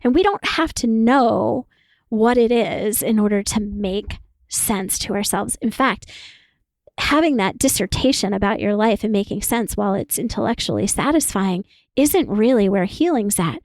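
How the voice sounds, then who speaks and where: A woman therapist talking casually as a podcast guest, animated, acting out quoted voices and laughing often. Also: mid-range voice, moderate pace, no echo.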